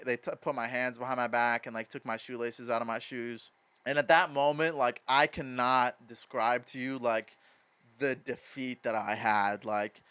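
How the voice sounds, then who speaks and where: Smooth-voiced young man telling stories. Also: mid-range voice. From Madison, Wisconsin. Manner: filler-heavy, profane, animated. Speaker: podcast guest. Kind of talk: casual storytelling.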